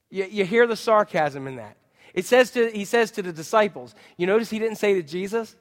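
A man with a high-pitched voice preaches a sermon in an animated way, throwing questions at the congregation and acting out what people say. His voice rings with the long reverb of a big hall. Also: normal speed. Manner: animated, acts out quotes and asks the congregation questions. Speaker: pastor.

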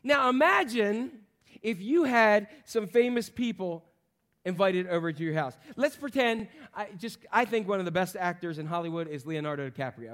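A man preaching a sermon to a congregation, animated, asking the crowd questions and acting out the voices of people in the story. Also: high voice, normal speed. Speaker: pastor.

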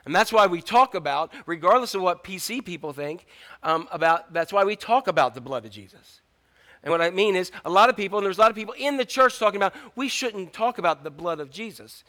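A man preaching a sermon as pastor, slowing down for dramatic emphasis and acting out quotes. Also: sits high, bright, forceful tone.

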